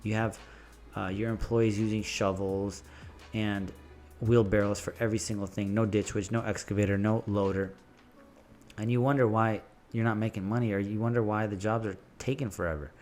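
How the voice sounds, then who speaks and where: Blunt low-voiced business owner, man. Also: normal speed, faint music behind. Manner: blunt, animated storyteller, swears casually. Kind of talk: casual business advice vlog.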